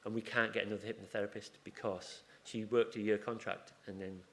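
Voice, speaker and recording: Rambling, chatty low-voiced man speaker. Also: little pitch movement, brisk. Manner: chatty, rambling, self-interrupting with asides and restarts. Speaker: conference speaker. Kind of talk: informal conference talk. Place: conference room.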